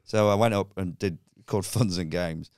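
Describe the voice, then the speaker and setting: A man's voice: low voice, moderate pace, a little mellow, no room sound, studio quality. A man telling rambling comic stories on a podcast, laughing often and acting out voices. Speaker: comedian guest. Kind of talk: casual podcast chat.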